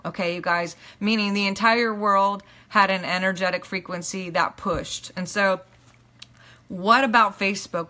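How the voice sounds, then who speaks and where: A woman teaching a live online class in an earnest, emphatic way, often checking in with her listeners and letting phrases drop low and soft at the end. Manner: earnest, emphatic, repeats "okay?" to the audience. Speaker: teacher and minister. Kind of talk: live-streamed motivational teaching.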